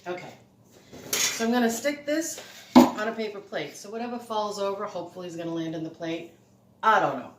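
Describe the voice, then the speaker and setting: A woman's voice: mid-range voice, brisk, pauses often, reverberant, very noisy. A middle-aged woman chatting casually as she demonstrates a recipe at home, a little breathless, rambling and laughing often. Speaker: cooking vlogger. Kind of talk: casual home cooking demo. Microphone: phone camera.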